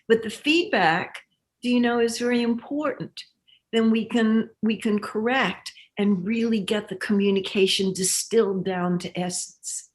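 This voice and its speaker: A woman guest in an interview, a relationship teacher speaking in a measured, reflective, earnest way. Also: fairly high pitch. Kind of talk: interview conversation.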